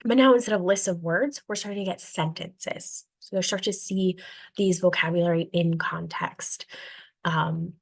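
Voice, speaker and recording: A young woman teacher talks through her classroom methods in a casual, rambling way. Her voice sits a little low, and she keeps stopping on "um" and "like." When she quotes her students, she acts the exchange out and her voice goes brighter. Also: fairly even intonation, moderate pace, creaky. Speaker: elementary world language teacher.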